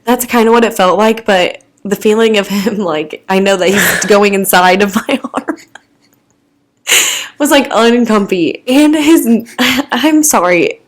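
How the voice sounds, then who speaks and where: A woman's voice: medium pitch, a little slow. Chatty young woman swearing through a story. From American Midwest. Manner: chatty, laughs often, many "like" fillers, swears freely. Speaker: podcast co-host. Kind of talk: casual chat, storytelling.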